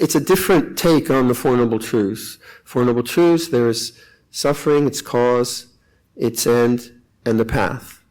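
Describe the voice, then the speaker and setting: An older man, a monk, giving a calm, reflective meditation talk with frequent pauses at a retreat. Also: medium pitch, low-quality recording. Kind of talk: dharma talk.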